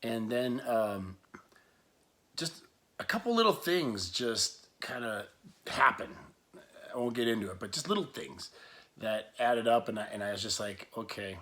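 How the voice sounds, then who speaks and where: A man's voice: mid-range voice, animated, measured pace, a bit bright. A man telling a rambling personal story to camera, full of restarts, asides and laughs. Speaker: vlogger.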